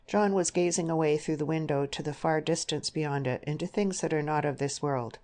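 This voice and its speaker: A woman narrating an audiobook novel in a measured, even reading. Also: low voice. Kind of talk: scripted narration.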